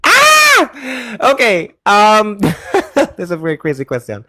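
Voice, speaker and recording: Sarcastic man hosting a lively debate stream. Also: high-pitched, a little slow, no echo, clean studio sound. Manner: sarcastic, mocking, interrupts often. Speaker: debate livestream host. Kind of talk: combative live debate.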